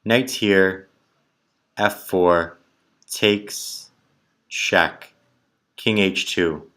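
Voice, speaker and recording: A man's voice: low voice, fairly even intonation, drawn-out words, pushed and bright. A man thinking aloud as he solves chess puzzles, muttering moves in short clipped phrases. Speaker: chess player solving tactics puzzles. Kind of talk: thinking aloud while calculating.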